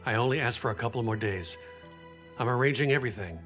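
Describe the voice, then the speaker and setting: An actor playing a devoted lover in a dubbed TV drama, soothing and reassuring. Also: male voice, mid-range voice, quick pace, fairly bright tone, faint music behind, natural voice. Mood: tender.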